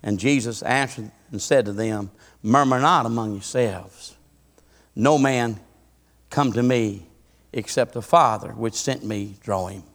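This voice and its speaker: A man preaching a sermon, swinging from hushed murmurs to fervent, rising cadences. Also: medium pitch, measured pace. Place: church. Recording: music behind, long hall reverb.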